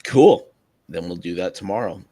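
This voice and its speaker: Deep-voiced man chatting on a live stream. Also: expressive, moderate pace, dark tone, breathy edge, dry recording. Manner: chuckling often, hesitant with many ums. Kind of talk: casual chat.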